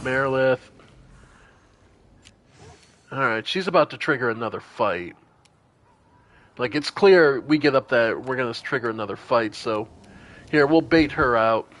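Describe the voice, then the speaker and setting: A man's voice: mid-range voice, animated, moderate pace, a bit bright. A man streaming a role-playing game, thinking aloud with casual commentary and some swearing.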